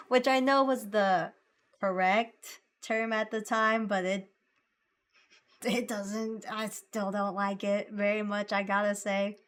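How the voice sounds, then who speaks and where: A woman's voice: mid-range voice, flat delivery, slow, fairly bright tone. A woman streaming a game playthrough, chatting casually, often breaking into giggles and teasing the game's lines. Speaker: VTuber streamer. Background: game music.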